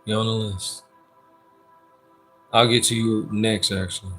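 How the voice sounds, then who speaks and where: A man's voice: on the low side, flat delivery, a little slow, a bit bright, soft background music. A man hosting a casual livestream, reading viewers' comments aloud in a laid-back, joking, slangy way. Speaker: livestream host doing personal readings.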